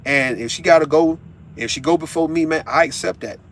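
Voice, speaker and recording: A man's voice: on the high side, fairly quick. A middle-aged man in an emotional, profane monologue who stumbles and repeats words as he opens up. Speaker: vlogger. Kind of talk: emotional monologue while driving.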